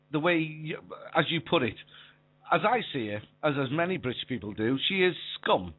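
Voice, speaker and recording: A man's voice: a little high, very animated, normal speed, slightly rough. A Welsh man calling in to a radio show, indignant and tripping over his words. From Wales. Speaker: caller. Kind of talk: call-in radio talk. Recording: tinny phone line.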